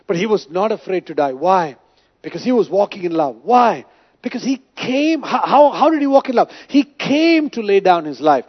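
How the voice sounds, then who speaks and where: Male pastor, high voice with swinging pitch, emphatic sermon delivery, dull lo-fi recording. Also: very animated, moderate pace. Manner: emphatic, preaching with rhetorical questions.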